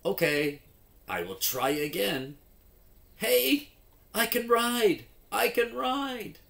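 A man voicing an excitable young boy learning to ride a bike, reading a phonics story with high, squealing excitement. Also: slow, gravelly, heavily acted. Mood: thrilled.

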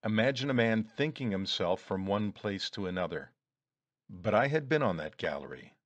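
A man narrates a first-person story in a low, steady voice. His reading is measured and deliberate. The recording is dry, with no room sound. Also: dry recording. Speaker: audiobook reader.

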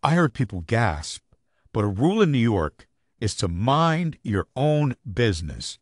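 A man narrating a first-person audiobook with an expressive storytelling delivery. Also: medium pitch, measured pace, no room sound, studio quality.

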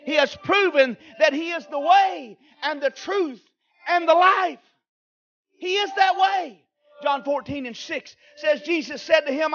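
A male pastor preaching an Easter sermon in a church, fervent and emphatic, swinging from quiet asides to shouted exclamations. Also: very high voice, a little slow, dull audio. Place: church sanctuary.

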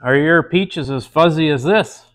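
A woman's voice: deep voice, measured pace, voice pushed up. A man voicing a flirty, scantily clad woman in a told joke, raising his voice to sound coy and suggestive. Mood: teasing.

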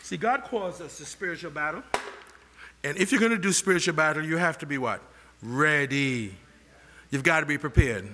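A man's voice: on the high side, moderate pace, pushed and bright. An older man preaching a sermon as pastor. He keeps asking the congregation questions and lets them finish his sentences. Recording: long reverb of a large hall.

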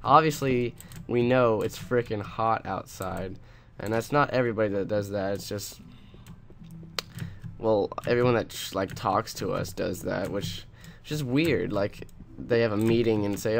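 A man's voice: lowish voice, a little slow, creaky, slight background noise. A young man with a sarcastic, rambling manner, casually chatting while commenting on his own gameplay. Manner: rambling, ranting, sarcastic, with restarts. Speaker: let's play host.

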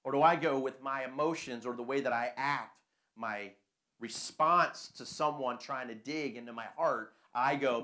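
A man's voice: mid-range voice, moderate pace, bright, forceful tone. A man preaching a conversational sermon full of rhetorical questions.

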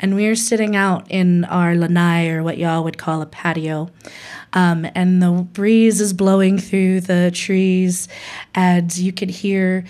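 A woman's voice: lowish voice, steady tone, takes it slowly, darkish tone. A young woman from Hawaii telling a candid personal story, laughing often and acting out what others said. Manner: candid, laughs often, quotes people with voices.

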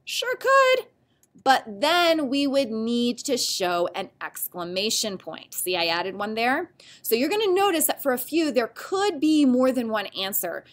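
A woman teaching a grammar lesson, explaining patiently and clearly, step by step. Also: a little high, big pitch swings, unhurried.

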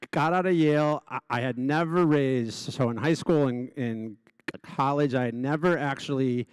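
A man with a noticeable stutter tells his story to an audience, repeating sounds and restarting words as he goes. His voice sits in a middle pitch. It sounds dry and close to the mic. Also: a little mellow, clean tone, dry recording. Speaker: gala honoree giving a speech. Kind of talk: personal speech to a live audience.

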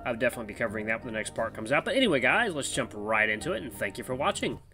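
A man's voice: mid-range voice, sing-song, rapid-fire, pushed and bright, soft background music. A man hosting a let's play, chatting casually with giggly, self-aware asides.

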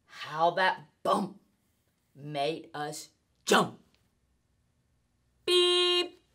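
A woman teacher narrates a rhyming children's story in a bright, ringing voice. She reads slowly and lingers on the words. Her pitch sits a little high and dances around lively as she tells it. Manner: expressive, sing-song storytelling. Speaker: teacher reading aloud. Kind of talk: children's read-aloud narration.

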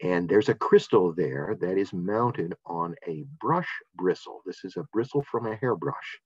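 Deep-voiced enthusiastic older science teacher. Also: male voice, darkish tone, slightly rough, no room sound. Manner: enthusiastic, casual, with frequent fillers and restarts. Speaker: presenter. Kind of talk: science lesson talk. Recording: dull, dry lo-fi sound.

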